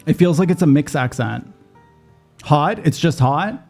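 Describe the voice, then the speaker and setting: Excitable swearing male gamer. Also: a little slow, creaky, soft background music. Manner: excitable, profane, shrieks high when surprised. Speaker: streamer playing a game. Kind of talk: reacting to a game, casual commentary.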